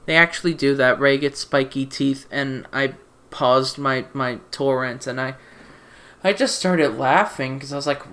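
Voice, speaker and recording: Speaking at medium pitch and a moderate pace with a slightly bright sound, a man who reviews movies rambles casually through a rant about one. Recorded on a desk mic, he stammers and restarts, exasperated and sarcastic.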